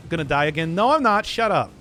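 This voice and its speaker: A man's voice: fairly high pitch, sing-song, fairly quick, pushed and bright, faint music behind. A man streaming a game, giving casual commentary full of giggly, self-deprecating banter with his chat.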